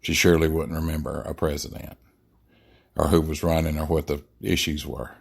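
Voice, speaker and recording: A man's voice: rumbling low, fairly even intonation, moderate pace, gravelly, slightly rough. A man hosting a podcast, giving a blunt, emphatic political monologue with frequent fillers and restarts. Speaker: podcast host.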